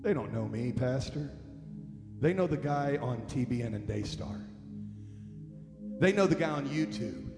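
A man in his forties preaching a sermon in a large church, building from quiet storytelling to impassioned shouting. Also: mid-range voice, expressive, normal speed, pauses often. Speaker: pastor. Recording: echoey hall with music underneath.

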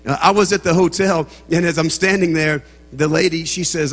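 Folksy Southern preacher, big hall echo. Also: male voice, fairly high pitch, fairly even intonation, moderate pace, a bit bright, soft background music. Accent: Southern American. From American South. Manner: folksy, joking, rising to fervent preaching. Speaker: guest preacher. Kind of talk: humorous sermon opening. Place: church sanctuary. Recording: long church reverb.

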